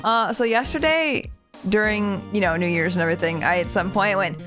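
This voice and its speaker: A female streamer with a medium-pitched voice talks briskly while gaming, with game music underneath. She's giggly and chatty, reacting to her chat in a casual way.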